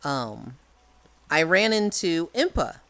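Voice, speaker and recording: A man's voice: a little high, very animated, slow, a bit bright. A man chatting casually on a live stream. He rambles and sounds exasperated, with plenty of swearing.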